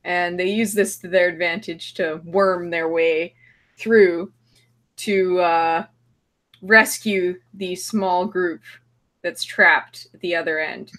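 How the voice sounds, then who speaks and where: A woman's voice: fairly low pitch, fairly even intonation, slow pace, fairly bright tone. A woman co-hosting a casual movie review podcast, laughing often and swearing freely as she retells a plot. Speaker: podcast co-host.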